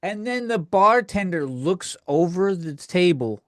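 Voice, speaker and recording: Man host for a comic rant, slightly high voice, crude and rambling, dry booth sound. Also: expressive, measured pace, fairly bright tone, dry recording. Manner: crude, profane, rambling with many restarts. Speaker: podcast host. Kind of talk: comedic rant.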